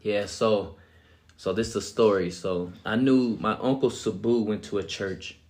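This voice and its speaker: A man's voice: fairly low pitch, fairly even intonation, a little slow, a little mellow. A young man casually telling his life story as a guest, acting out quotes and laughing often. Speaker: guest sharing his testimony.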